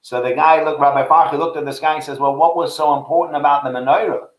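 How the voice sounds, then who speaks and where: Male host, talkative storyteller, slightly high voice, echoey room. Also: fairly even intonation, quick pace. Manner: chatty storyteller, acts out quoted voices. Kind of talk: casual chat about faith.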